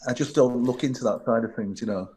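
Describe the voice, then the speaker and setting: A man, a former bodyguard telling candid, lively anecdotes as a podcast guest. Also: mid-range voice, fast talker. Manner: candid, animated anecdotes with laughter. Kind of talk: storytelling in a podcast interview.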